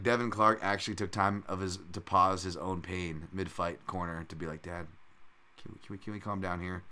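A young man riffs through a casual solo podcast about fights, piling on fillers and restarts. His voice sits low but comes out bright and forceful. He rambles eagerly, hopping between asides. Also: clear, resonant tone. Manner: rambling, animated, lots of fillers and loud impressions. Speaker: podcast host, MMA analyst.

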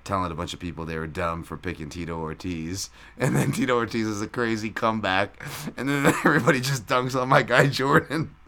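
A man's voice: on the low side, fairly even intonation, brisk, creaky, pushed and bright. A man hosting a podcast in a loose, rambling live-stream recap, reading out chat and swearing casually. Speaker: podcast host.

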